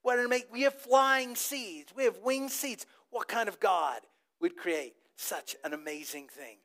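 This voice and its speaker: High-voiced animated man preaching. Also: a little slow. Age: adult with a child old enough to talk. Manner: animated storytelling, asks the congregation to repeat words. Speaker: pastor. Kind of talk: sermon.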